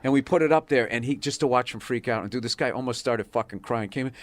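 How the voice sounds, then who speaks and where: A man telling a profane, excitable story as a comedian guest in casual podcast chat. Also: medium pitch, fast, no room sound.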